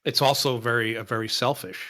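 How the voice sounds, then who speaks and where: A man's voice: medium pitch, fairly even intonation, brisk, pushed and bright. A man on a film podcast, reflective and casual, trailing off with fillers.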